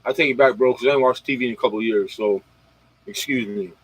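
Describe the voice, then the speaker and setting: Very animated and fast, this man's medium-pitched voice is husky with vocal fry. He hosts a casual late-night livestream, rambling in slang, speaking directly to viewers and retelling comedy bits, captured in a dry recording with poor audio.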